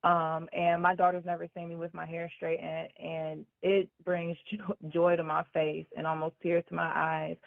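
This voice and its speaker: A woman's voice: fairly low pitch, little pitch movement, moderate pace, vocal fry, hardly any pauses. A woman calling in to a talk show as a mother, telling a heartfelt personal story about her family. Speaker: caller, a mother. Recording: tinny phone line.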